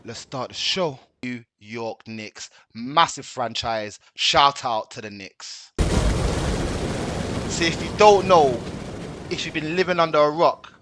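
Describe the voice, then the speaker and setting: A man's voice: mid-range voice, lively intonation, slow, a bit bright. A man hosting a slangy, rambling sports chat. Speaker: host. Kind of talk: casual chat.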